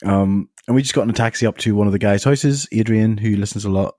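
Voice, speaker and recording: Man, dark mellow voice. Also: fairly low pitch, fast, no echo, studio quality. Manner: jokey, rambling, laughs often. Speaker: podcast co-host. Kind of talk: casual chat.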